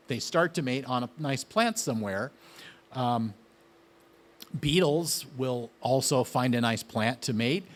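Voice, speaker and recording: A man giving a casual, enthusiastic gardening talk, often asking his listeners questions. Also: on the high side. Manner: chatty, enthusiastic, asks the audience questions. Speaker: gardening speaker.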